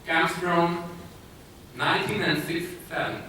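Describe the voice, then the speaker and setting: A man with a Polish accent giving a conference talk, speaking haltingly with many filler sounds and restarts. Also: high voice, fairly even intonation, sharp tone. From Poland. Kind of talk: conference presentation. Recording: echoey hall, distant mic, noisy.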